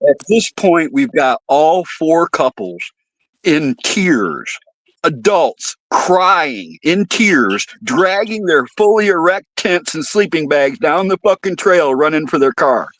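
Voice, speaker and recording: Storytelling man, fairly high voice, dry close sound, animated, swears a lot. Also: slow pace, dry recording, rough recording. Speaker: podcast guest. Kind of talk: casual storytelling.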